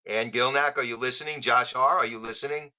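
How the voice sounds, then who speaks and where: A man's voice: medium pitch, steady tone, a little fast, sharp tone, low-quality recording. A man, a musician guest on a podcast, telling jokey stories in casual chat. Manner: joking storyteller.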